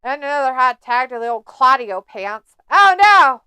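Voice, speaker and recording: A woman's voice: high voice, normal speed, pushed and bright, clear, resonant tone, no room sound. A woman casually commenting on a wrestling match during a live stream, joking and mocking the wrestlers. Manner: snarky, jokey, mocking the wrestlers. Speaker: watch-along host.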